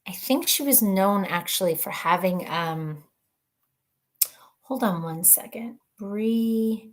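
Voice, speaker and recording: A woman hosting a casual live stream, reading viewer comments aloud in a chatty, rambling way, laughing often and thinking out loud. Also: mid-range voice, slow pace. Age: adult mother of children.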